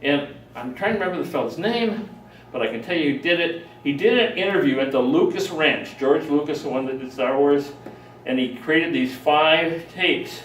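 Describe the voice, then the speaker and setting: An older man telling a personal story in a rambling, animated way, acting out the voices of people he quotes. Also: a little high, moderate pace, slight background noise. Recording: roomy, distant mic.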